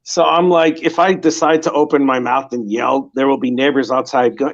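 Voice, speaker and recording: A man chatting casually as a guest on a live stream, animated and self-mocking. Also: mid-range voice, moderate pace, muffled recording. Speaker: guest artist.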